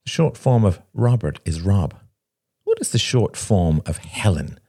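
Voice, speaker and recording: A man voicing a weary, glib young man who speaks softly. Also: lowish voice, big pitch swings, unhurried, creaky, dry recording, studio quality, voice pushed up, heavily acted. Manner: soft, deflecting.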